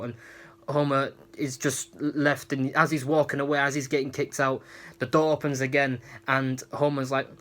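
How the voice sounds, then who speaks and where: A man's voice: medium pitch, little pitch movement, normal speed, a bit bright. A man giving a casual, rambling episode recap with many restarts. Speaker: episode reviewer.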